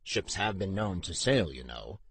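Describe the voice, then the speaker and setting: A male narrator gives voice to a soft-spoken older court official, formal and measured in his speech. He sits low and hushed, with a husky edge and gentle reassurance in every phrase. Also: very animated, full character voice. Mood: probing.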